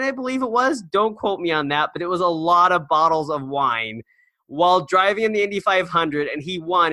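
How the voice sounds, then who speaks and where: A man's voice: fairly high pitch, sharp tone, no room sound. A man co-hosting a podcast in casual chat, rambling and storytelling with lots of fillers and restarts. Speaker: podcast co-host.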